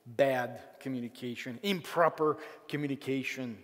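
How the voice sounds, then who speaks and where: A male pastor preaching a conversational, animated sermon, often acting out the voices of grumbling people. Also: mid-range voice, moderate pace. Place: church sanctuary. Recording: long hall reverb.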